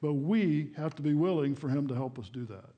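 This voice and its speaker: A man's voice: a little high, animated, brisk, lo-fi sound. A middle-aged male pastor preaching a sermon in a church, talking in a casual, folksy way and acting out prayers and quotes. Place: church sanctuary.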